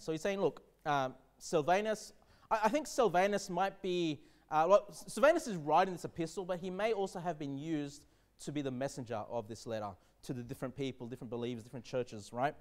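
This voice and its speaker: High-voiced guy preaching a sermon, slow heavy scripture reading, keeps asking "okay?". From Australia. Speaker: pastor.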